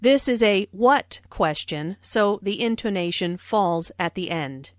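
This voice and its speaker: A woman explaining English phrases in a scripted lesson, with slow, careful and clearly stressed speech. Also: mid-range voice, animated, dry recording, studio quality. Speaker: English teacher. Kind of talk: scripted lesson narration and dialogue.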